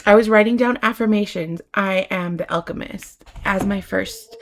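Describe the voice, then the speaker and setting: A woman giving a channeled tarot reading in a soft, heartfelt, rambling way, with many fillers. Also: mid-range voice, normal speed, a little hiss or hum. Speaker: tarot reader.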